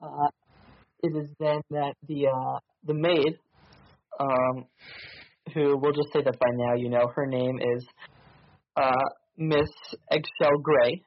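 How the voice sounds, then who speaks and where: A man's voice: mid-range voice, steady tone, slow, long pauses, no echo, narrow, tinny audio. A man running a tabletop mystery game as game master, narrating with many ums and uhs.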